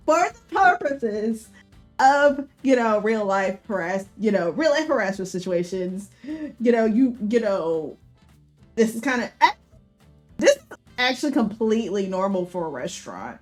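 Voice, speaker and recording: A young adult woman streamer reading a visual novel aloud, giggly and flustered, with loud outbursts. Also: mid-range voice, sing-song, measured pace, faint music behind.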